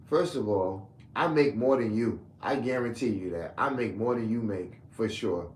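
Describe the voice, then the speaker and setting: A man's voice: on the low side, moderate pace, a little hiss or hum. A man from Brooklyn, delivering a combative, heated rant back at his commenters. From Brooklyn, New York. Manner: confrontational, heated, repetitive. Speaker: online commentator. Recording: echoey room with faint ambience.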